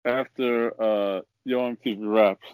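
A man's voice: fairly low pitch, fairly even intonation, measured pace, darkish tone, clear, resonant tone, no echo. Dry-sounding man with wry asides. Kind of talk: casual chat.

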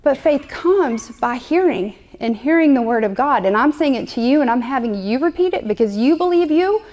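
A woman's voice: high-pitched, animated, normal speed, darkish tone. A woman preaching a sermon to a live congregation, conversational and playful, repeating her points often. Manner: conversational, repetitive, playful asides.

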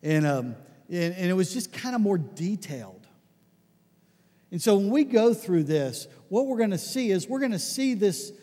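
A man preaching a conversational sermon, telling stories with lots of restarts and animated asides. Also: high-pitched, in a large hall. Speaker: pastor.

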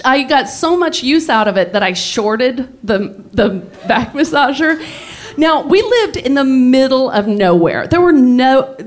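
A woman telling a comic personal story, often laughing through her words and restarting her sentences. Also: a little high. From Texas.

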